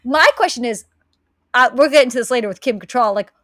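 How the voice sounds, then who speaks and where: A woman's voice: on the high side, quick pace, a bit bright, no echo. Chatty woman podcast co-host. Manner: chatty, questioning, joking. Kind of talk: casual chat.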